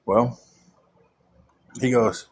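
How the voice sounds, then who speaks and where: A man's voice: medium pitch, fairly even intonation, drawn-out words, slight background noise. A young man telling a long personal story in a rambling way, with many fillers and repeated words.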